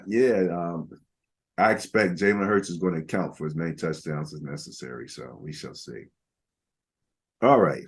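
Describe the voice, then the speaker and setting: Low-voiced older man talking football. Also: slightly rough. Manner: rambling, many fillers, reads out stats. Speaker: podcast co-host. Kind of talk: casual sports talk.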